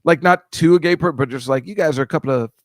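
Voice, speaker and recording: A man's voice: fairly high pitch, quick pace, no room sound. Blunt, dry-voiced man in casual chat. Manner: blunt, opinionated, laughs along. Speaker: podcast co-host.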